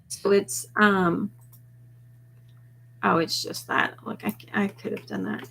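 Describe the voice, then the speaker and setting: A woman's voice: mid-range voice, very animated, slow, gravelly, long pauses, fairly bright tone, slight background noise. A woman, chatting casually and rambling on a live stream. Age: 40s. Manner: rambling and chatty, trailing off mid-thought. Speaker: vlogger hosting a live stream.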